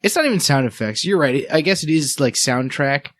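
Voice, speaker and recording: A man's voice: a little high, animated, brisk, a bit bright, no room sound. Man, podcast co-host, hesitant, groping for words, dry close sound. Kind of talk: casual movie review chat.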